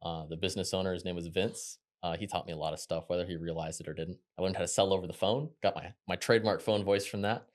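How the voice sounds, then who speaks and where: A young man, telling stories from his working life as a podcast guest in a quick, chatty way. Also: low-pitched. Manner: quick, chatty, animated when quoting others. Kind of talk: casual interview storytelling.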